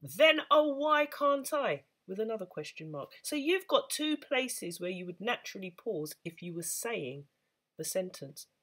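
A woman's voice: fairly low pitch, expressive, moderate pace, fairly bright tone, breathy edge. A woman teaching beginners the saxophone, patient and encouraging as she explains step by step. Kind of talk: instructional talk to camera.

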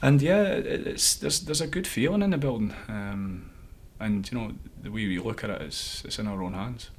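Husky-voiced man, earnest football coach. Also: lowish voice, normal speed. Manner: earnest, thinking aloud with restarts. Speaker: assistant head coach. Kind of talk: interview answers.

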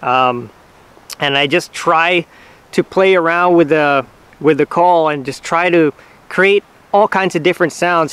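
Teaching turkey calls on his hunting channel, this relaxed, patient man talks in brief, halting bits with plenty of fillers. His tone is clean and smooth, slightly high in pitch, and he walks through the casual lesson one step at a time.

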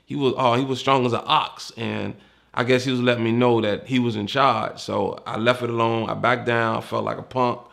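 Gravelly DC man telling a candid story. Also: mid-range voice, level tone, fairly quick, a bit bright. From Washington, DC. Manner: candid and profane, acts out the people he quotes. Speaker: retired homicide detective recounting his career. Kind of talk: casual personal storytelling.

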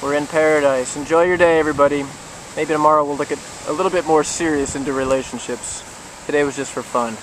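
A man's voice: on the high side, fairly even intonation, quick pace. Playful man joking to camera outdoors. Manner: chatty, playful storyteller. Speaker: vlogger telling a joke. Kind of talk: casual joke-telling to camera. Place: outdoors on a beach. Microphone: handheld camera. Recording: distant camera mic with outdoor noise.

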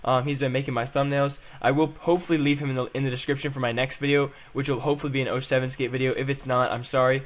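A man's voice: medium pitch, little pitch movement, very fast, hardly any pauses. A young man chatting casually as he plays and comments on a game, rambling and saying "um" and "guys" a lot. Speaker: gaming channel host.

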